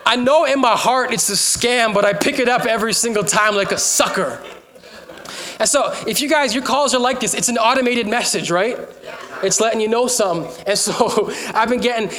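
Male preacher, high voice, casual and funny from the pulpit, calls out to the room. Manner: animated, joking, rallying the crowd. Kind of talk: humorous sermon storytelling.

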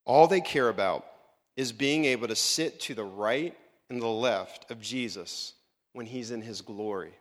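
Animated pastor preaching in a reverberant hall. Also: male voice, medium pitch. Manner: acts out Bible characters in funny voices. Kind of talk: animated sermon.

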